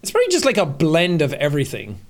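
A young man from Ireland with a Midlands Irish accent gone partly American, co-hosting a casual podcast chat, joking and swearing in quick asides. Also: fairly high pitch, huge pitch swings. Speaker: podcast co-host.

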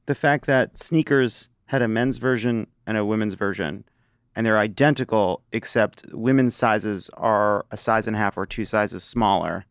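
A man's voice: fairly low pitch, normal speed, clean tone, no room sound, clean studio sound. A man co-hosting a podcast, making teasing, jokey remarks in casual banter. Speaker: podcast co-host. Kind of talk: joking banter.

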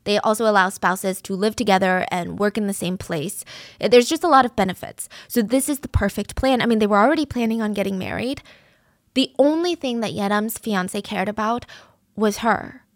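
A woman's voice: mid-range voice, fairly quick, no echo, studio quality. A woman narrating a true crime case in a casual, conversational way, earnest and openly moved.

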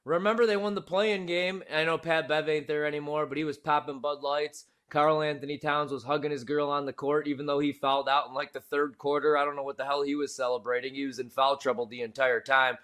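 A man's voice: a little high, flat delivery, brisk, hardly any pauses, fairly bright tone. A man co-hosting a sports betting talk show, giving emphatic, opinionated takes in laid-back slang.

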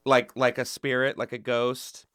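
A young man co-hosting a comedic podcast in a playful, joking way, now and then jumping into squeaky high voices for a gag. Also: monotone, a little slow, fairly bright tone, clean tone, dry recording, studio quality. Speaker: podcast co-host.

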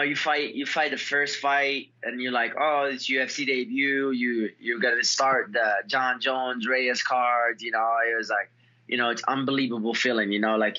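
Excitable young man on a lo-fi line. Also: mid-range voice. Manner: excitable storyteller, many fillers and restarts. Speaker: fighter, guest. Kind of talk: casual interview.

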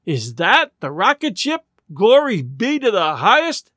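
A man voicing a shrill, fiery old woman. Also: lively intonation, moderate pace, sharp tone, smooth, no room sound, clean studio sound, exaggerated voice. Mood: indignant. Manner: shrill, indignant outbursts. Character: fierce, fed-up old woman, small and fiery.

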